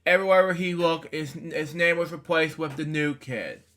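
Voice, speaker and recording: A man's voice: on the high side, moderate pace, fairly bright tone. A man reading a children's book aloud, stumbling over words and adding offhand comments between pages. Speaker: storybook reader.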